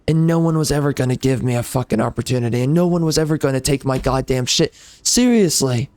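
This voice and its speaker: A man's voice: mid-range voice, fast, darkish tone, no echo, clean studio sound. A man who hosts a gaming channel, delivering a bitter, profane rant at his viewers. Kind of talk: angry rant to the audience.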